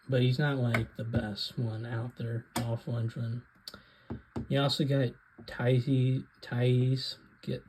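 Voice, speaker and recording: In a rough recording with slight background noise, a video host rants casually about movies. His voice is mid-range and a little mellow, and he rambles hesitantly with plenty of ums.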